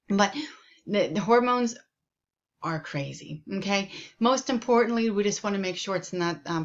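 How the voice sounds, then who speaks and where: A woman's voice: lowish voice, dull audio. A woman nursing instructor giving a recorded lecture in a loose, conversational way, with frequent ums and repeated words. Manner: many ums, conversational and repetitive.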